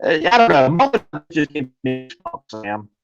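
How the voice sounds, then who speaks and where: A man's voice: a little high, huge pitch swings, moderate pace, over music. A man co-hosting a live show from a hotel room over a video call, laid-back and joking in short remarks. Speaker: talk show co-host. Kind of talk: casual live show chat. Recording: dull lo-fi call audio.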